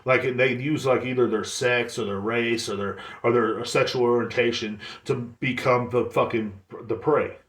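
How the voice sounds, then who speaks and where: A man hosting his own podcast, telling a story in a rambling, profane, animated way. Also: mid-range voice, moderate pace, few pauses, echoey room. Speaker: podcast host. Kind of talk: casual solo podcast rant.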